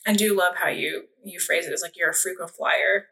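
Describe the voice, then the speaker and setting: A woman's voice: on the low side, steady tone, fairly quick, vocal fry, bright, forceful tone, poor audio. A woman interviewing a church member, with easy encouraging questions and frequent acknowledgements. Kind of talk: casual interview.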